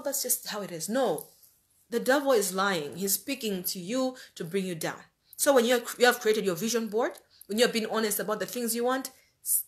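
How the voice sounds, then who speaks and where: A woman giving an earnest, conversational motivational talk rooted in faith, repeating phrases for emphasis. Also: mid-range voice. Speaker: life-planning speaker.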